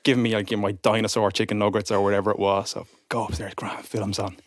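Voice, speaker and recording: A young man with a somewhat low voice, spinning a lively anecdote for a podcast. He slips into other people's voices as he quotes them. The recording is dry and close to the mic. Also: brisk, dry recording. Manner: animated, acts out quotes of others. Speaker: podcast guest. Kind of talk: casual storytelling chat.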